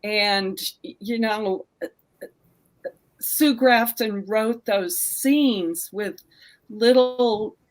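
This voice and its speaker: A woman's voice: mid-range voice, extremely slow. A woman, a mystery author, talking earnestly about a favorite book series over a video call. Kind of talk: casual conversation.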